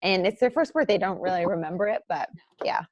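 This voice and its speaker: A woman in her thirties, a podcast guest and author, telling her story candidly with lots of "um" and "like", getting animated as she acts out what people said. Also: fast talker, no room sound, clean studio sound. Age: 30s. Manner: chatty, frequent fillers like "um" and "like"; animated when acting out quotes, jumps high and loud.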